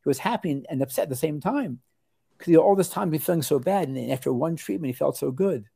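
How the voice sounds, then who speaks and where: Mellow-voiced older male doctor telling stories. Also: a little high, fast, creaky, breathy edge. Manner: rambling, with many restarts and lively acted quotes. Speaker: osteopathic family physician, interview guest. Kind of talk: relaxed storytelling in an interview.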